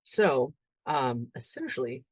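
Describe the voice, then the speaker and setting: A man's voice: mid-range voice, expressive, slow pace, dry recording. A man talking casually as a podcast guest, a father telling rambling family stories full of fillers. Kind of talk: casual storytelling.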